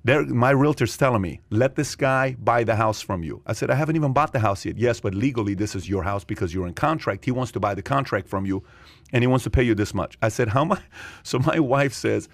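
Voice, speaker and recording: A man hosting a podcast who tells stories in a lively way and repeats his points for emphasis. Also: medium pitch, quick pace, gravelly, dry recording. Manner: animated storyteller, repeats points. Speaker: podcast host. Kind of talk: casual chat.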